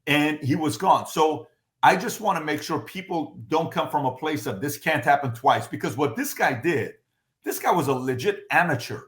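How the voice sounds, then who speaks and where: A man's voice: on the high side, lively intonation, moderate pace, fairly bright tone, reverberant. A man hosting a podcast, talking emphatically and firing off repeated rhetorical questions. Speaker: podcast host. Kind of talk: animated podcast commentary.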